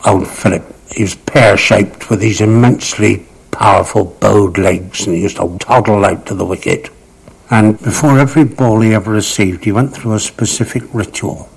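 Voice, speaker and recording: A man's voice: fairly low pitch, steady tone, normal speed, creaky, slightly rough, rough recording. An older man recalling cricket memories in a vivid, dramatic storytelling manner, lingering on words for emphasis. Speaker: cricket raconteur. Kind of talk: anecdotal reminiscence.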